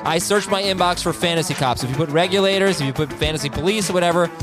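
A man hosting a casual podcast, reading listener emails aloud in a jokey, animated way. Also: high voice, fast talker, music in the background.

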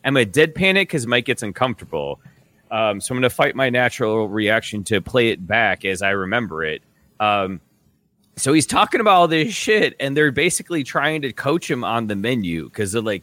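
A man co-hosting a podcast, telling stories in an excitable, profane, joking way. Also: mid-range voice, moderate pace, no room sound. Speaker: podcast co-host. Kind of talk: casual podcast chat.

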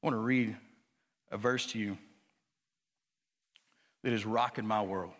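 A man preaching a sermon as pastor, moving from quiet, low talk to loud, high-pitched exhortation. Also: fairly even intonation, unhurried. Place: church sanctuary. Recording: church hall reverb.

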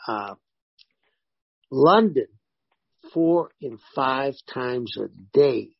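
A man, a former pro wrestler, telling animated stories in a casual interview and voicing the people in them. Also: medium pitch, drawn-out words, gravelly, breathy edge, no echo, lo-fi sound. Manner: animated anecdotes with voiced quotes.

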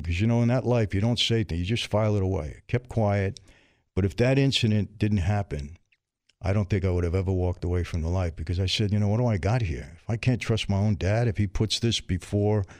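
Middle-aged New man, low voice, streetwise storyteller, dry studio sound. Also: a little fast, darkish tone, no echo. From New York. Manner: streetwise, vivid, acts out dialogue. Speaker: interview guest. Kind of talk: candid storytelling.

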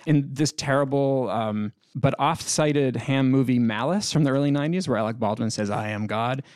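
A man's voice: medium pitch, normal speed, darkish tone, dry recording, studio quality. A man talking as a podcast guest in a casual film discussion, enthusiastic and chatty, laughing often.

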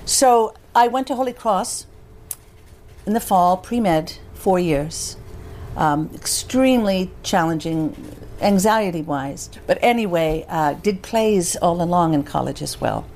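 An older woman from the United States speaks as an interview guest, telling anecdotes with lively shifts into the voices of people she remembers. Her delivery is conversational and expressive. A faint hiss of background noise sits under the recording. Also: fairly low pitch, a little slow. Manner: animated, anecdotal, acts out quoted voices. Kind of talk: conversational storytelling.

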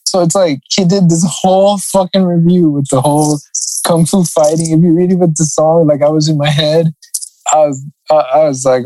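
A man's voice: on the high side, fairly even intonation, brisk, dark tone, dry recording, low-quality recording. Laughing, swearing guy reading reviews aloud. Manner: laughs often, swears freely, sing-song reading. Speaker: podcast co-host. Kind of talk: casual chat reading funny reviews aloud.

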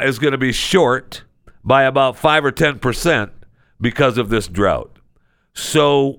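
A man's voice: lowish voice, creaky, fairly bright tone, dry recording, clean studio sound. A man hosting a podcast, delivering a casual comedic monologue in a sarcastic, mock-outraged rant. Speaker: podcast host.

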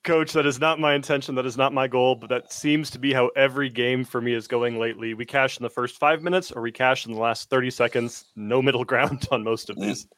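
Mid-pitched male guest, wry self-deprecating, dry mic. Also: steady tone, a little fast, hardly any pauses, a bit bright, dry recording. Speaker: betting analyst guest.

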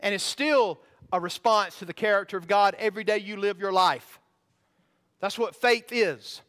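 A man's voice: high voice, moderate pace, fairly bright tone. A male pastor preaching a sermon in a church, emphatic and teaching, often putting questions to the congregation. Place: church sanctuary. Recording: long hall reverb.

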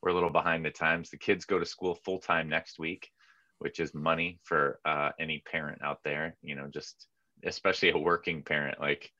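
A middle-aged man co-hosting a sports podcast in casual, chatty talk, full of asides and quick mock voices. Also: no echo. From California. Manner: chatty, animated, jumps into squeaky mock voices. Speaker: podcast co-host. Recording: dull lo-fi mic sound.

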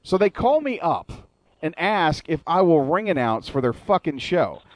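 A man's voice: on the high side, very animated, moderate pace, no echo. A man hosting a wrestling radio show, ranting with lots of swearing in a casual chat. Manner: profane, ranting storyteller.

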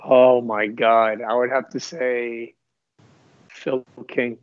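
A man's voice: medium pitch, level tone, takes it slowly, smooth, dry recording. A man, a former professional footballer, chatting as a podcast guest and telling stories with easy laughter. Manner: upbeat, laughing, rambling storyteller. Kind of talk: casual podcast interview. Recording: dull lo-fi remote audio.

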